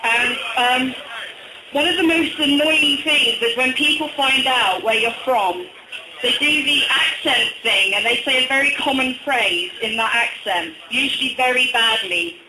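A man with a slight northern English accent, from Durham, doing a hesitant stand-up comedy set full of ums and deadpan one-liners. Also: very high-pitched, unhurried, background noise. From Durham, England. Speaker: stand-up comic. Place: small bar venue, indoors. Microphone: phone recording from the audience. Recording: echoey bar, phone-recorded.

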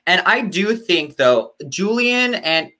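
A man's voice: sits high, big pitch swings, takes it slowly, bright, forceful tone. A man appearing as a guest reviewer in a casual TV review chat, rambling and hesitant, with many restarts.

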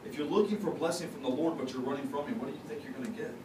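A high-pitched male pastor delivers a loose, folksy sermon, confessing and joking with his church. He sounds distant from the mic in a reverberant sanctuary, with a steady hiss of noise. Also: racing. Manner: folksy, confessional, jokes with the congregation. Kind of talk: conversational sermon. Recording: echoey, distant, noisy church recording.

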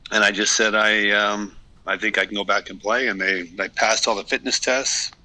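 Deep guy in his 50s telling his story on a podcast, sharp edgy tone, kinda halting and reflective. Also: steady tone, no echo, low-quality recording. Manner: candid, reflective storytelling with many restarts. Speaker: guest, retired hockey player. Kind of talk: casual podcast interview.

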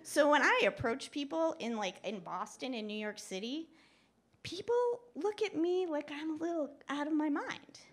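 A woman telling a story on stage at a live show, chatty and animated, laughing often and using lots of "like" and "you know". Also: sits high, moderate pace. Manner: laughs often while talking. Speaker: guest speaker. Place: live show at a club venue.

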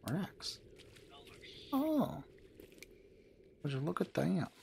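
A young man playing a game with a friend, joking and swearing excitably into a headset mic. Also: high-pitched, takes it slowly, gravelly, slight background noise. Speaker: gamer. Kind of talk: casual let's play banter.

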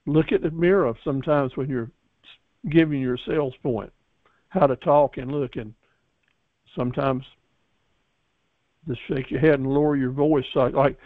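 A man's voice: mid-range voice, steady tone, a little slow, long pauses, no echo. A man teaching a business course, giving a folksy graduation talk to his class in a coaching manner, with frequent restarts and repeated words. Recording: dry, tinny phone-like sound.

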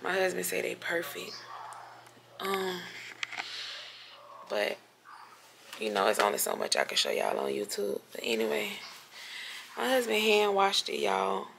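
A woman's voice: medium pitch, sing-song, unhurried, vocal fry, long pauses, background noise. A woman chatting straight to the camera in a hotel room, sore and recovering after surgery. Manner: chatty, talks straight to viewers as y'all. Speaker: vlogger. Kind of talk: casual vlog talk to camera.

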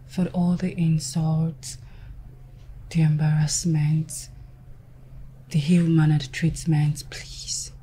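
A woman playing a soft, pleading young wife. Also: mid-range voice, a little hiss or hum, close to an everyday voice. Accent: Nigerian. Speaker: wife and daughter.

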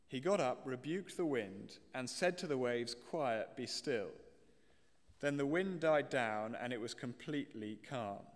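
A British man preaching a sermon, explaining a passage and reading scripture aloud to the congregation. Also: mid-range voice. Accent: British English. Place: church. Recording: long church reverb.

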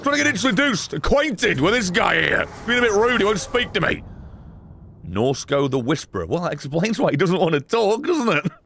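A man giving live gameplay commentary, excitable, swearing and bursting into laughter. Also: high-pitched, moderate pace, vocal fry, noisy background. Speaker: gaming streamer.

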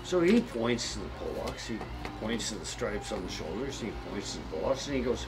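Folksy male storyteller with lively pitch. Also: fairly quick, rough recording. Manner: rambling, colloquial, with restarts. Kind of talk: folksy joke telling. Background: banjo music.

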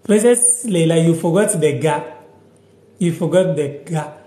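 A man with a Ghanaian accent teaches a language on a live stream, in a high voice and at an unhurried pace. He repeats each word slowly and answers viewers' comments as they come in. The sound is echoey, as if the room is bare. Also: warm tone.

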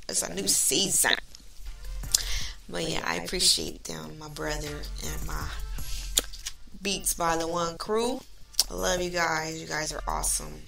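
A woman's voice: fairly low pitch, gravelly, sharp tone, roomy sound. A woman hosting her own podcast as a life coach, chatting casually, laughing often and using slang. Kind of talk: casual chat. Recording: distant mic with faint music.

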